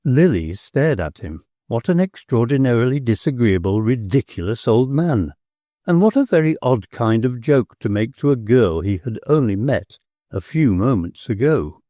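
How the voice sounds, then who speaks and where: A man narrating an audiobook with an expressive delivery. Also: mid-range voice, moderate pace, no room sound, clean studio sound.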